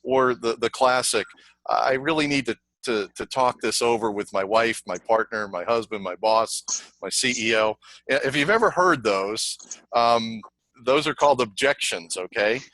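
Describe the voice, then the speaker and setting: A middle-aged man presenting a sales training over a video call, energetic and conversational, repeating himself and telling stories. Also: mid-range voice, normal speed, no room sound, poor audio. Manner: energetic, repetitive, conversational teaching with anecdotes. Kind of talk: online webinar presentation.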